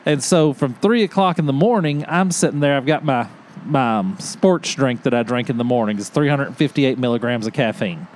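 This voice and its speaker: Animated storytelling man, faint hiss. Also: mid-range voice, moderate pace, few pauses. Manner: animated, laughs often, acts out quotes. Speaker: podcast host. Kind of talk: casual storytelling chat.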